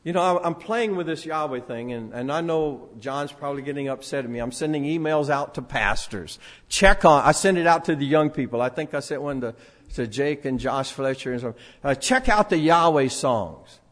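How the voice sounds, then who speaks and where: An older man preaching a sermon in a church, swinging between loud proclamation and quiet asides. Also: a little high, animated, normal speed. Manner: sings a few lines of a song. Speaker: pastor. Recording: long hall reverb.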